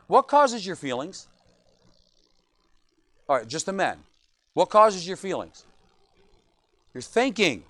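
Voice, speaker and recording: A male pastor delivers an evening sermon in a high, very animated voice that leaps up and down. He acts out the lines of the people he quotes in short voices. The recording is close and dry. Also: slow pace, long pauses, no echo.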